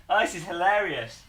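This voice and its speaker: A man's voice: high voice, a bit bright, roomy sound, a little hiss or hum. A man streaming live, chatting casually in a bemused, rambling way and laughing often.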